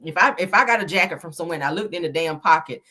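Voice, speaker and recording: A woman's voice: fairly low pitch, animated, rapid-fire, bright, forceful tone, husky. A woman hosting a casual chat, reading live comments in a sassy, dramatic way and swearing often. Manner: sassy, dramatic, swears a lot, calls viewers baby and child. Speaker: host.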